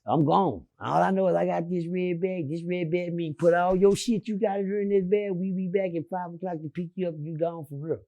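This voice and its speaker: A man telling a long prison story as an interview guest, swinging from loud shouts down to low murmurs and cursing freely. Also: fairly even intonation, fairly quick, vocal fry, hardly any pauses. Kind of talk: animated storytelling.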